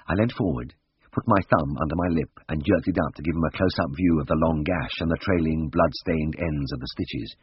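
Deep, husky man reading a memoir. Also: fairly quick, no room sound. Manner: wry, expressive storytelling with voiced dialogue. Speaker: narrator. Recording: dull lo-fi dry recording.

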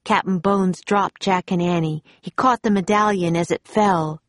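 A woman reading a children's adventure story aloud in a calm, steady manner. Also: on the low side, moderate pace, no echo, clean studio sound.

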